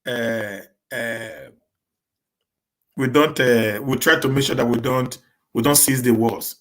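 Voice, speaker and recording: A man from Edo State with a Nigerian accent that mixes in Pidgin English. He hosts a casual live-stream Q&A, stammers, repeats and restarts words, and talks fast on purpose so he does not get stuck. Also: mid-range voice. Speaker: live-stream host answering viewers.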